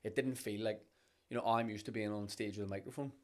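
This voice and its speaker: A man's voice: lowish voice, fairly even intonation, quick pace. A man, a comedian and podcast guest, chatting casually and often repeating words as he starts a thought. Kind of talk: casual chat.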